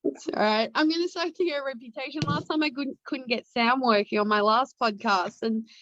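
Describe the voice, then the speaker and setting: Australian woman, easygoing podcast guest, high voice, dull dry call audio. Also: fairly quick, fairly bright tone. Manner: friendly, easygoing, self-deprecating. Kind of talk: casual interview. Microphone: video call.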